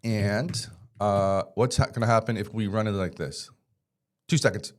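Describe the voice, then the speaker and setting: A man's voice: on the low side, moderate pace. A man teaching a casual screen-share tutorial, chatty and joking, with rambling asides. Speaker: tech instructor.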